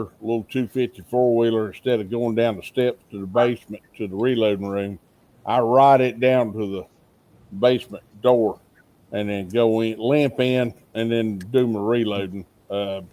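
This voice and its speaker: A man's voice: fairly low pitch, steady tone, moderate pace, dark tone. Rambling storyteller, a man. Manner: rambling storyteller who laughs often. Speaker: co-host of a shooting livestream. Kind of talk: casual live-stream chat.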